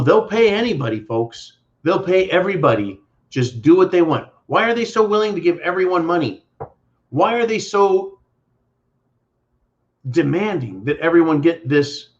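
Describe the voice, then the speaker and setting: A man hosting a live stream, ranting bluntly and profanely while reading viewer messages. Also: fairly high pitch. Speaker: livestream host. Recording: dull lo-fi stream audio.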